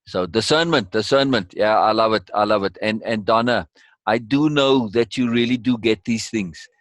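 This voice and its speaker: A man's voice: on the low side, fairly even intonation, moderate pace, no echo. Man, teaching a course, emphatic, repeats key words, very dry sound. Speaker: teacher leading a course session. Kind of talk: conversational teaching.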